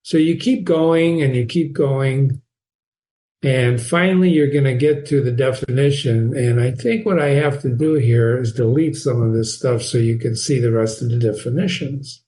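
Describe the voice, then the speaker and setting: A man's voice: medium pitch, steady tone, normal speed, mellow. A man teaching a literature lesson in an informal way. He repeats key phrases and asks the listener questions. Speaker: reading teacher and host. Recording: roomy echo.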